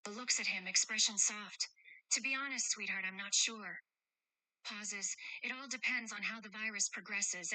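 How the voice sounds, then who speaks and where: A woman voicing a bright, affectionate protector. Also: mid-range voice, dry recording, poor audio. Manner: gentle, affectionate, teasing. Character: caring adult woman protecting two children. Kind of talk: role-play chat read aloud with stage directions.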